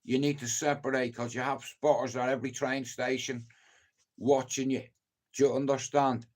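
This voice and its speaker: A man's voice: mid-range voice, flat delivery, normal speed. A middle-aged man from Ireland hosting a livestream, telling rambling stories in casual chat and swearing a lot. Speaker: livestream host.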